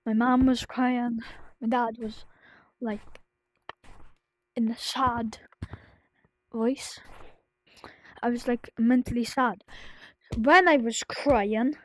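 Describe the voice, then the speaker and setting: Vlogger, woman, grieving and near tears; slow, faltering delivery with fillers and restarts. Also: on the high side, fairly even intonation, low-quality recording. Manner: halting, full of restarts and fillers, drifting into soft whispers. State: grieving, close to tears, sad voice. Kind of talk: personal confessional vlog.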